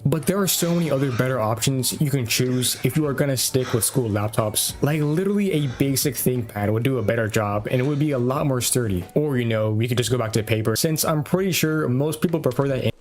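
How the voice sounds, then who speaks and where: A young man ranting bluntly and in exasperation about school laptops, with a lot of slang and a frequent "bro". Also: medium pitch. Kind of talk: scripted-sounding rant.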